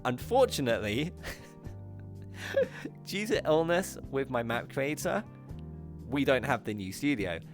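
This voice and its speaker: A man's voice: mid-range voice, sing-song, slow pace, pauses often, soft background music. A British man hosting a VR talk show livestream, greeting his chat affectionately, giggling often and poking fun at himself. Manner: bubbly and affectionate, giggly, self-mocking.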